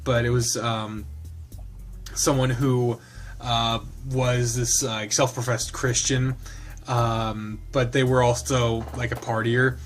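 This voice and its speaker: A man's voice: medium pitch, level tone, slow, faint music behind. A man with a mid-range voice narrates a visual novel aloud. He breaks off into loose, chatty commentary, laughs along at the jokes and swears in his asides.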